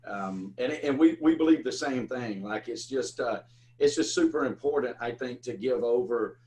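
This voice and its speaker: A man's voice: mid-range voice, normal speed, darkish tone, rough recording. A man hosting an interview, talking in a rambling way with many restarts. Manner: rambling, stammering restarts, storytelling. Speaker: podcast host. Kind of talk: casual interview chat.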